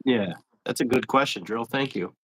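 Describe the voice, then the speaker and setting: A man's voice: medium pitch, moderate pace, a bit bright, a little hiss or hum. A man hosting a casual interview, cheering on his guests and reading out viewer questions with enthusiasm. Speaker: host, interviewer.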